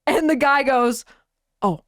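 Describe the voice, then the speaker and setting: A young woman co-hosts a casual radio podcast and tells a story with animated energy, laughing as she goes and filling her sentences with "like." Her voice is smooth and clear, at a middle pitch for a woman. The sound is dry and close. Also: normal speed, no room sound. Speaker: podcast co-host.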